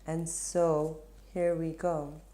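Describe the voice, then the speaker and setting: A woman hosting a tarot reading channel, talking casually and rambling, with restarts and soft laughs. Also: deep voice, little pitch movement, drawn-out words. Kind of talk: casual spiritual talk to camera.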